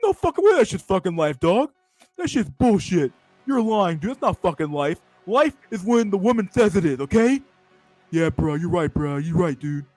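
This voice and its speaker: An excitable young bro blurts out loud, repetitive lines, full of dude and bro, put on by a man. His voice swoops around lively. Faint music sits behind him. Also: high-pitched, moderate pace, no room sound. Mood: dismissive.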